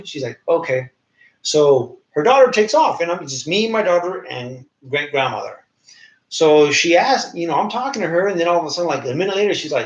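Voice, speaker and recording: A man's voice: sing-song, fairly quick. A man in his thirties telling a story in casual podcast chat, acting out the quoted voices as he goes. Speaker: podcast co-host. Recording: roomy, dull low-fi sound.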